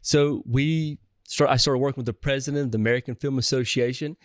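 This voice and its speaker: A man's voice: medium pitch, fast talker, dry recording, studio quality. Southern man telling rambling stories. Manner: energetic, rambling with restarts and filler. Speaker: guest, real estate investor. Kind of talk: casual interview storytelling.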